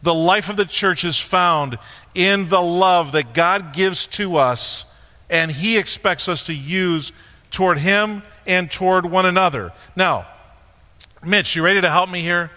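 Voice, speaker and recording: A man's voice: sits high, measured pace, sharp tone. A male pastor preaching a sermon in a church, talking conversationally and joking with a helper on stage. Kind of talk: sermon with props. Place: church sanctuary. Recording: long reverb of a large hall.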